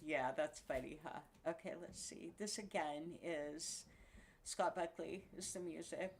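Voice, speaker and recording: A woman's voice: lowish voice, expressive, a little slow. Sixty-year-old woman ranting, swearing, laughing. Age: 60s. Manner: swears freely, laughs between outbursts. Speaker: vlogger. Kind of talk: angry casual rant to camera. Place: home.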